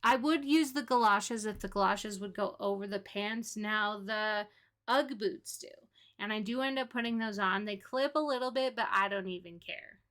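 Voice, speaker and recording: A woman's voice: mid-range voice, moderate pace, a bit bright. A woman giving casual, chatty commentary while playing a game, laughing often. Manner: chatty and giggly. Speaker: gaming creator.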